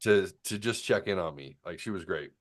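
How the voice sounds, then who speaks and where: A man's voice: sits low, normal speed. A man in his fifties, hosting a casual chat and telling a rambling story full of restarts. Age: 50s. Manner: acts out quoted people in a raised voice. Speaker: host.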